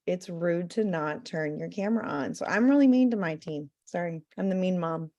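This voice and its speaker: A woman's voice: fairly low pitch, normal speed, few pauses, darkish tone. A woman with a Southern accent giving a blunt, playful, no-nonsense motivational talk over a video call. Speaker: guest speaker.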